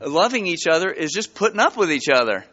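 A man preaching a sermon to his church, telling stories with lively, rising emphasis. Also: on the high side, a little fast, big-room sound, highs cut off. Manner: animated storytelling with rising emphasis. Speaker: pastor. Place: church sanctuary.

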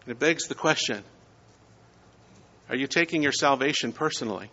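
A male pastor delivering a Sunday sermon, preaching in measured phrases and rising to emphatic peaks on key words. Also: mid-range voice, sharp tone. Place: church sanctuary. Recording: dull sound with long church reverb.

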